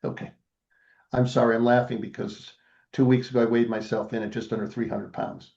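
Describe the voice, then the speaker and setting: A man's voice: mid-range voice, flat delivery, brisk, vocal fry, darkish tone, muffled recording. An older man, a podcast guest, telling a family story in a casual interview and acting out the voices of the people in it.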